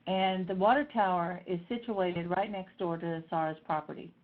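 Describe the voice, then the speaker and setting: A woman's voice: lowish voice, moderate pace. Woman telling stories over a tinny line. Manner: animated, acts out voices in quotes. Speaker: speaker telling personal stories. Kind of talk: personal storytelling talk. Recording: tinny phone-like sound.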